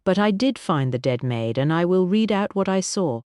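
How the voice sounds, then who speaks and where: A woman's voice: fairly low pitch, expressive, a little mellow, smooth, no echo, studio quality, pitched above the performer's own voice, close to an everyday voice. A man voicing an imperious elderly aristocratic lady who talks in a commanding, theatrical way. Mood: firm. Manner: commanding, brisk, dramatic.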